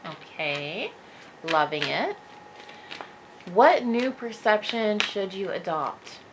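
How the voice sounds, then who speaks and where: A woman's voice: mid-range voice, lively intonation, slow, background noise. A woman giving a chatty, upbeat tarot reading, talking straight to her viewers as a spiritual coach. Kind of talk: casual tarot reading monologue.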